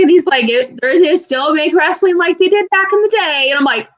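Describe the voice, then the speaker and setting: A young woman co-hosting a podcast, telling stories in an animated way with loud outbursts and lots of swearing. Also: very high voice, brisk, few pauses, highs cut off. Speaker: podcast co-host. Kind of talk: casual chat.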